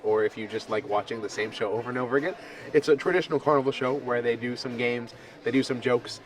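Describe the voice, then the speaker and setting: A man casually explaining a cruise ship show to his viewers in a relaxed vlog style. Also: medium pitch, far from the mic. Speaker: cruise vlogger.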